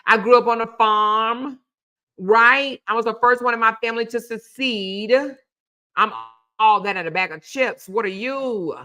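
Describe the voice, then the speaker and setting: A woman's voice: on the high side, unhurried, bright, forceful tone. A woman mimicking an arrogant, boastful man who taunts and talks down to people. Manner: bragging, taunting, mocking.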